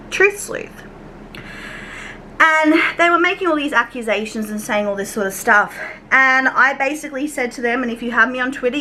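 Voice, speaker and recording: A woman's voice: fairly high pitch, bright, forceful tone, a little hiss or hum, low-quality recording. A young Australian woman telling a storytime rant in a casual, chatty way, swearing, wandering off on tangents and acting out her conversations. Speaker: YouTube commentary vlogger.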